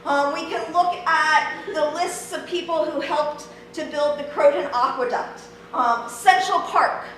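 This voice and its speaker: High-voiced woman lecturing in an echoey hall. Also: a bit bright. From Ohio, USA. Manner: friendly, conversational, many ums. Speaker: history lecturer. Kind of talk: public lecture. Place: large church hall. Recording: very echoey hall, distant mic, faint noise.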